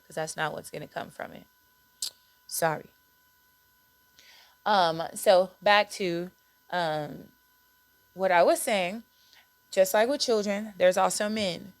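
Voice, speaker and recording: A woman's voice: mid-range voice, dry recording. A woman hosting a podcast, talking candidly and conversationally about self-care and parenting, repeating words for emphasis. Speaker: podcast host.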